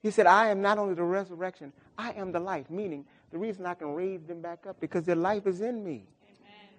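A man's voice: sits high, fairly quick. A middle-aged man preaching a sermon with emotion, repeating himself and building into exclamations. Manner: emotional, repetitive, rising into exclamations. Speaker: pastor.

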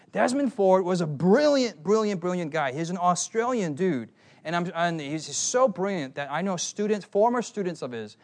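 A man delivers a sermon at a youth conference, animated and playful as he keeps calling out to the audience. His voice sits a little high for a man.

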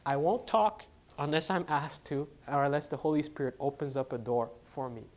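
A man's voice: a little high, moderate pace, a little mellow. A man preaching a sermon and telling a personal story, conversational and full of fillers, dropping to a near whisper for quoted lines and rising to stress a point. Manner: frequent fillers and self-corrections. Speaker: preacher, literature evangelist.

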